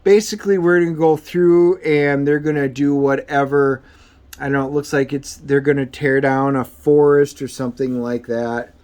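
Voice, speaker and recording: A man's voice: medium pitch, little pitch movement, normal speed, a little mellow, clear, resonant tone. A man recapping a comic book in a casual, rambling review, full of uhs and ums.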